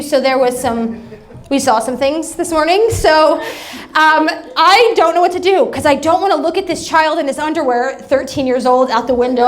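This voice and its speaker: Woman, pastor, high voice, chatty sermon storytelling, humorous. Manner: chatty, humorous anecdotes with acted-out quotes.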